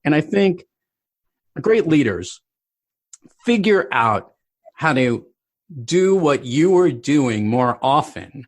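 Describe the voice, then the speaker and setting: A man's voice: on the high side, very animated, slow pace, pauses often, no echo. A man hosting a podcast interview, thinking aloud with restarts. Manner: thoughtful, rambling, with restarts. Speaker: podcast host.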